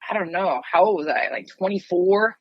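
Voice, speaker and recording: Lower-voiced woman in her sixties telling stories. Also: moderate pace, breathy edge, dry recording, highs cut off. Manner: lively, acts out other people's lines in quoted voices. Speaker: martial arts master, podcast guest. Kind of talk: storytelling in a conversational interview.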